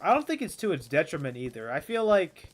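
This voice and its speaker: A hoarse man in his twenties chatting casually while playing a game, rambling with stammered restarts and frequent swearing. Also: fairly high pitch, big pitch swings, brisk. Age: 20s. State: hoarse, strained voice. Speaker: gaming streamer.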